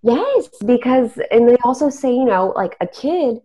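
A woman's voice: a little high, sing-song, a little slow, mellow, breathy edge. A young adult woman hosting a podcast, telling a spooky story in casual chat. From Texas. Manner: storytelling, trailing off. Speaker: podcast host. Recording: dull lo-fi recording.

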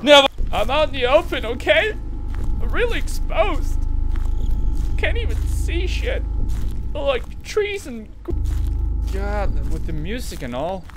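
A man's voice: very high voice, big pitch swings, takes it slowly, long pauses. A man commenting on horror games at home into a desk microphone, shrieking, swearing and joking at the scares. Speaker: gaming video creator. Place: home recording setup with a green screen. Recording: noisy home game recording.

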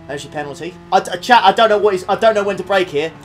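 A young man streaming a racing game, reacting excitably with frequent laughs and quick apologies while talking to his chat. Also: sits high, faint music behind. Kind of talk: live racing game commentary. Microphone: desktop USB condenser mic.

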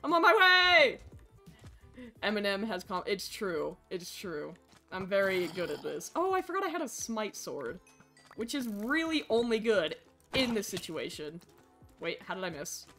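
Excitable woman streamer, pitch swinging wildly. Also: normal speed, soft background music. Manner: excitable, swings from mumbling to shrieking. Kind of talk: live game commentary.

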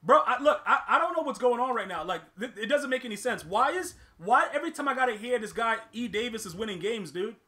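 Gaming host, male, very high bright voice, excitable slangy trash-talk commentary. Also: fast, few pauses. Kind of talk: ranting live gameplay commentary.

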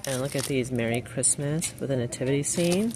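Speaking fairly quickly in a deep bass voice, a woman narrates a casual shopping vlog amid the noise of a large store. She enthuses over items she spots and reads card greetings out loud.

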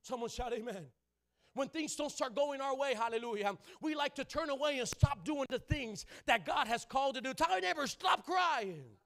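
A man preaching a sermon in a church, calling out to the congregation and rising into loud shouting. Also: extremely high pitch, normal speed. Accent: Southern California. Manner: call-and-response preaching, building to loud shouting. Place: church sanctuary.

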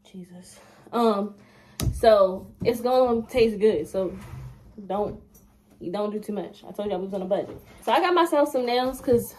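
A young woman vlogger chats casually to her viewers, speaking straight into the camera in a car and at home. Her voice is mid-range and a little mellow.

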